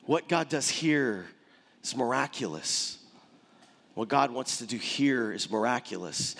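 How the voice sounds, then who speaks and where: A man preaching a sermon as pastor, animated and conversational, with dramatic pauses. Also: medium pitch, in a large hall.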